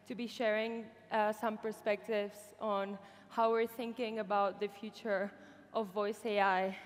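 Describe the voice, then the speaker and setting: A woman's voice: fairly high pitch, big-room sound. A woman presenting at a conference in an upbeat way, with the odd filler. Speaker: conference speaker. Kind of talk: keynote presentation. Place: conference hall.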